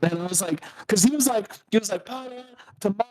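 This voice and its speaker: Animated young man telling a story. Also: quick pace. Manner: animated storyteller, acts out quotes with big pitch jumps, laughs often. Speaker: podcast guest telling a tournament story. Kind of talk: casual chat.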